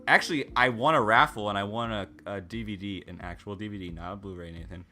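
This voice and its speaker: A man's voice: lowish voice, fast, bright, forceful tone, soft background music. A man co-hosting a podcast, chatting casually in a rambling way, with lots of fillers and frequent laughter. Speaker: podcast co-host. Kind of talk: casual chat.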